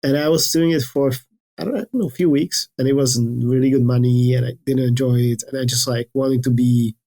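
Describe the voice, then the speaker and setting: Brief: man from the Republic, podcast host, easygoing, mid-pitched voice. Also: fairly even intonation, fairly quick, warm tone. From Czech Republic. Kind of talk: casual interview chat.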